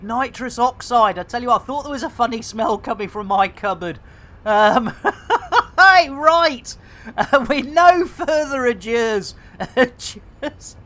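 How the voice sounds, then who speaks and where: Giggly woman streamer, unhurried. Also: medium pitch, pushed and bright. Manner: giggly, rambling, punning. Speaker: game streamer. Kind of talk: casual live-stream chat.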